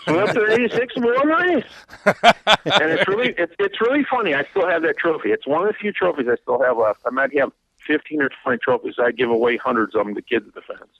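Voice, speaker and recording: A man's voice: a little high, expressive, fast talker, highs cut off, slight background noise. A race car driver in his fifties, from Wisconsin, telling a long rambling story in a radio interview, laughing and repeating words as he gets going.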